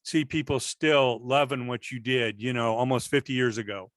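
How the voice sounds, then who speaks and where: A man's voice: medium pitch, normal speed, fairly bright tone, no echo. A man hosting a casual music interview, asking long, rambling questions full of filler phrases.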